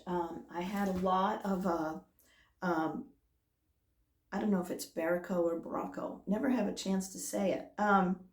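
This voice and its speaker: A woman hosting a knitting vlog, talking casually and hesitantly with many pauses and fillers. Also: mid-range voice, echoey room. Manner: hesitant, many "um"s, warm and chatty. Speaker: knitting podcast host. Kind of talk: casual chat to camera.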